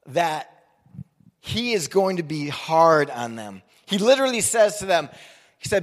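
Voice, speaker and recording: A man's voice: on the high side, big pitch swings, measured pace, long reverb tail. A man in his forties preaching a sermon in a casual, joking, conversational way. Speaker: pastor.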